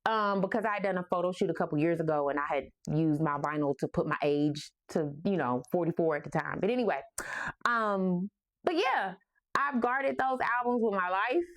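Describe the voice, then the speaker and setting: A woman's voice: on the low side, moderate pace. A woman in her forties with a New York accent, hosting a casual, playful music talk and laughing often. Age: 40s. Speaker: host. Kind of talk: casual storytelling about music.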